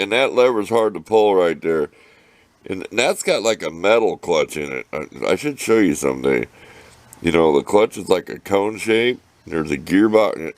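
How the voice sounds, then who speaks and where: An older man vlogs outdoors beside his shop, talking to the camera in a folksy, rambling manner and sometimes answering his own questions. He is out of breath, his voice lowish, with no room sound in the recording.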